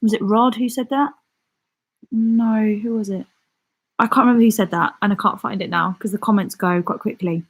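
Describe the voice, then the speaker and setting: A young woman hosts a relaxed live stream at a middle pitch. She reads viewers' comments aloud and answers each one in an easy, chatty way. She laughs often and corrects her own words as she goes. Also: moderate pace, breathy edge. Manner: often laughs and corrects herself mid-sentence. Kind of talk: casual live-stream chat.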